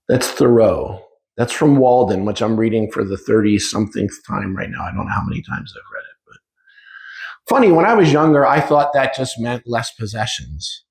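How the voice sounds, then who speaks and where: A man's voice: mid-range voice, animated, moderate pace, vocal fry. Man in his fifties, roomy echo. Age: 50s. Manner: conversational, acts out dialogue with shifting speed. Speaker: spiritual teacher. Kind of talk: informal spiritual talk. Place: room with live audience.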